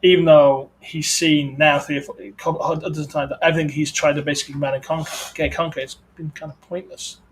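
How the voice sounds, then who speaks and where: A man's voice: a little high, little pitch movement, quick pace, hardly any pauses, poor audio. A man co-hosting a casual pop-culture podcast, rambling with frequent restarts and stumbles. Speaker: podcast co-host. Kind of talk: casual chat.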